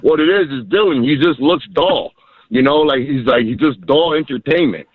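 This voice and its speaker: A man's voice: fairly high pitch, sing-song, moderate pace, slightly rough, no echo. Male radio caller on tinny phone line. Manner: casual, conversational. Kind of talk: radio call-in chat.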